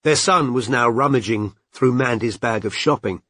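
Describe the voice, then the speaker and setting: A man's voice: mid-range voice, normal speed, a bit bright, dry recording, studio quality. A man narrating an audiobook, reading expressively and doing character voices. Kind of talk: scripted narration.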